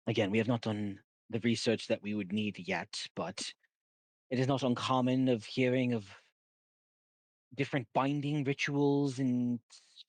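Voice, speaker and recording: A man playing a measured commander, dry close sound. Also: mid-range voice, steady tone, dry recording, voice pushed up, natural voice, poor audio. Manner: measured, plain, thinking aloud with pauses.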